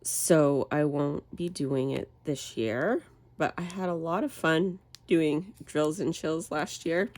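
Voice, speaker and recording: Low slow lady chatting while she crafts, stuffy nasal cold voice, kinda rambly. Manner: rambling, relaxed, self-correcting. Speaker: crafting channel host. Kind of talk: casual chat while crafting.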